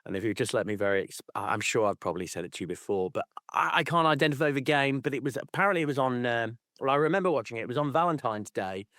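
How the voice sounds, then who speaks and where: A man's voice: mid-range voice, fast talker, hardly any pauses, a bit bright, no echo, studio quality. Teasing, rambling male podcast co-host. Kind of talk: casual chat.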